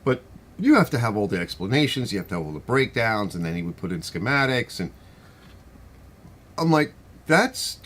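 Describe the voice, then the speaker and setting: A middle-aged man with a New York accent rambles through a relaxed live-stream chat, reading out viewer comments as he goes. His voice sits fairly low, and his talk wanders with lots of restarts and asides. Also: a little fast, pauses often. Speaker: host of a garage channel live stream.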